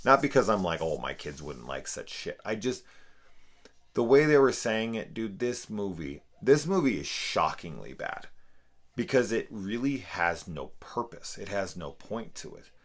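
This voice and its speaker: Deep-voiced man ranting about a film. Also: expressive, unhurried. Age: adult parent. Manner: profane, exasperated ranting. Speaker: film reviewer. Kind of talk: casual spoken movie review.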